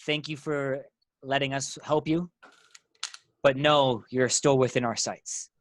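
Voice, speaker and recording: A man's voice: mid-range voice, fairly even intonation, slow pace. A man playing a tabletop role-playing game, giving earnest in-character speeches. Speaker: player.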